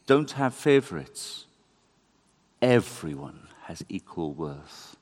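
A man giving a conversational, animated sermon in a church. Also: low voice, slow. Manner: conversational, animated, self-deprecating. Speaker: preacher.

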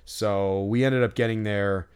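Smooth-voiced man telling a rambling story. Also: on the low side, steady tone, a little slow, a little mellow. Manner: rambling, many fillers, swears freely. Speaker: podcast co-host. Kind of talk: casual storytelling chat.

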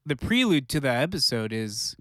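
A man talking casually as a podcast co-host, his voice set at an everyday middle pitch. He wanders through his thoughts and breaks off to restart them. The sound is dry and close, with no room behind it. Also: big pitch swings, a bit bright, no room sound. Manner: rambling, halting restarts and fillers. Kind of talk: casual chat.

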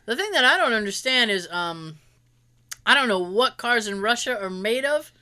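A woman with a fairly high pitch talks at a moderate pace in casual conversation. Animated and funny, she acts out people's words in her stories, laughs often and swears without holding back.

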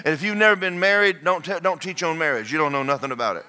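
A man's voice: fairly high pitch, fast, pushed and bright. A man preaching a sermon as pastor, folksy and repetitive, speaking in bursts.

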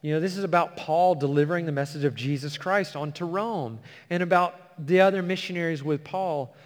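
A man preaching a sermon, reading scripture slowly and earnestly and explaining it to a congregation. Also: a little high. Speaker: pastor. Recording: long hall reverb.

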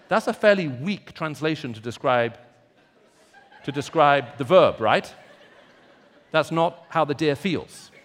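A man preaching a sermon, moving from quiet reflection to loud, emphatic repetition. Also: mid-range voice, animated, unhurried, long pauses, in a large hall, a little hiss or hum.

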